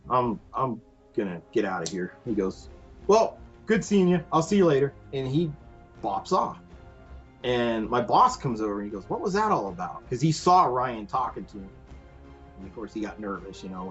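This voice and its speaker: A man telling stories casually as a podcast guest, animated, acting out quoted voices and laughing often. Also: mid-range voice, breathy edge, highs cut off. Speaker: guest, prop and costume maker. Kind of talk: casual storytelling in a podcast interview.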